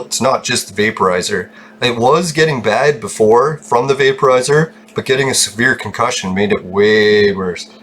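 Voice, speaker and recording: A man's voice: mid-range voice, a bit bright, a little hiss or hum. Rambling foul-mouthed man. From Canada. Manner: rambling, profane, laughs often. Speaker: gaming channel host. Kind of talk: casual chat while gaming.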